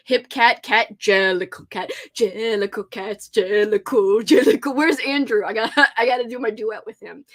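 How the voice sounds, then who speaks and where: Giggly chatty woman, slightly high voice. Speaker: host. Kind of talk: casual livestream chat.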